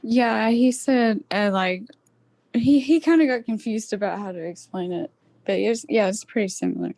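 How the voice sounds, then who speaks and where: Gravelly-voiced woman student, dry sound. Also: mid-range voice, moderate pace, a little mellow, dry recording. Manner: hesitant, restarts words. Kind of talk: casual class reply. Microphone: video call.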